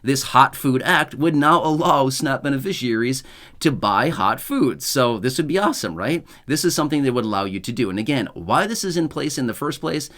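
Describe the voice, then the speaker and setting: A man talking straight to his viewers at a mid pitch, chatty and upbeat. He keeps circling back with "right?" and "again", now and then adding a dry, sarcastic aside as he explains the news. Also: animated, a little fast, a bit bright. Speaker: YouTube channel host. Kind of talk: casual explainer monologue.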